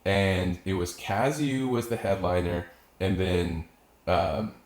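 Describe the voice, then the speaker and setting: A man's voice: low-pitched, slow. A young adult man, a musician guest, telling a long story in casual chat, rambling and swearing often with lots of filler words. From Austin area. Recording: echoey room, faint background ambience.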